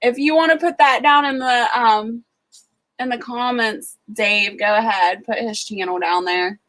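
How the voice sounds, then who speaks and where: A chatty woman with an Ohio accent, talking casually on a livestream in a somewhat high voice. She rambles along with plenty of "um" and "like" and greets viewers as they drop in. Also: steady tone, a little slow, fairly bright tone, poor audio. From Ohio, USA. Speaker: homesteading livestream host.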